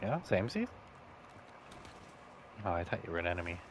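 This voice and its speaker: Low-voiced man rambling while gaming. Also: very animated, fairly quick, a little hiss or hum. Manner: rambling, profane, joking to himself. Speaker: streamer. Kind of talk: casual gaming commentary.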